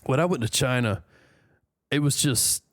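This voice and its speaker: A man's voice: mid-range voice, fairly bright tone, dry recording, clean studio sound. A man from the United States reading a news story aloud and joking between lines in casual commentary. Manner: reads aloud haltingly, joking asides. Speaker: news reaction host.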